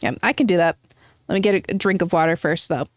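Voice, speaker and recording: A woman's voice: on the low side, fast talker, loud music behind the voice. A woman streaming a game from home, chatting casually and rambling as she answers her chat.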